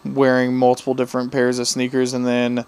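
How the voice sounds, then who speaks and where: A male podcast co-host in casual chat. His voice is smooth and clear at an ordinary pitch. He rambles through long anecdotes and acts out the people he quotes. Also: monotone, fairly quick, darkish tone.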